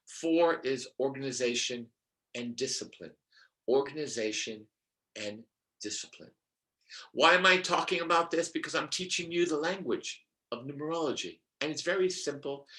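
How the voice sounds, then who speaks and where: Middle-aged guy on a video call, bright tone, talks slow, whispers bits, keeps asking the audience stuff. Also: mid-range voice. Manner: expressive, drops to whispers, asks the audience questions. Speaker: numerologist guest. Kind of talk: animated teaching talk. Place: room with brick wall.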